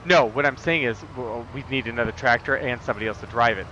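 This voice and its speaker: A man's voice: mid-range voice, fast talker, pushed and bright, muffled recording, slight background noise. A man streaming a farming game, chatting casually in a rambling, jokey way with lots of fillers. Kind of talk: casual gameplay chat.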